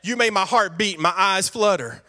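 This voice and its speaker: Brief: man playing a sweet-talking old patriarch, drops to a low croon, bright edge. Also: normal speed. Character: smooth-talking ancient male patriarch wooing his wife.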